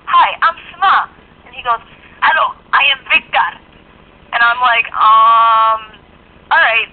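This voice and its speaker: A young woman telling a long casual story, rambling with lots of fillers, heard over a tinny phone line. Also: a little high. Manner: rambling, lots of fillers like "you know" and "and stuff". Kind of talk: casual chat.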